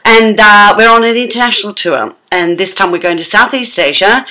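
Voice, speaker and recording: An Australian woman chatting in a lively, theatrical way for her tour vlog, sometimes dropping to a whisper. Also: mid-range voice, normal speed, few pauses. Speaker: vlogger.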